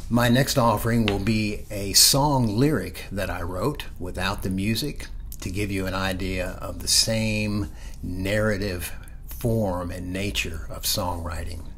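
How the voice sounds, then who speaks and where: A man giving an online poetry reading, reciting in a measured way that sometimes drops to a whisper. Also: deep voice, fairly even intonation, a bit bright, a little hiss or hum. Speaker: poet. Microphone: online video reading.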